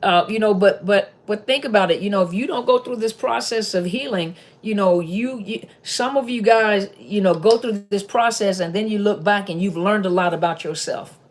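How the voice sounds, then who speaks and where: A woman hosts a live-stream Q&A and talks casually to her viewers. She reads their comments aloud and answers with chatty reactions, often repeating short exclamations. Her voice sits at a middle pitch. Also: normal speed, hardly any pauses.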